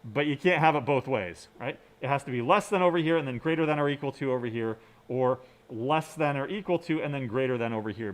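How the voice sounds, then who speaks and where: A man giving a recorded computer science lecture, explaining step by step and often checking in with "right?". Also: medium pitch. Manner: mutters quietly to himself while working on screen. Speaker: university lecturer.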